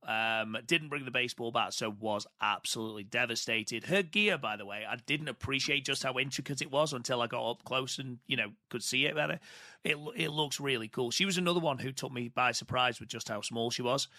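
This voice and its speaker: A man co-hosting a casual podcast who talks with easy enthusiasm. His voice has a bright, forward edge, and it is recorded dry and close with no room echo. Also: mid-range voice. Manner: chatty and enthusiastic. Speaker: podcast co-host.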